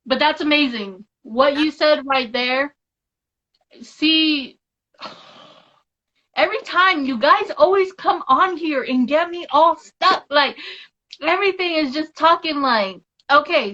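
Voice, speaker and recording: High, bright woman hosting a livestream. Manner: effusive, talks to her live audience. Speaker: podcast host. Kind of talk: live-streamed interview hosting. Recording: slightly dull lo-fi stream audio.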